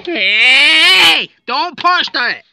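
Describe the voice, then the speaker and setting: A woman playing out a toy scene aloud and acting out toy characters, jumping suddenly into squeaky voices. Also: lively intonation, drawn-out words, gravelly, background noise.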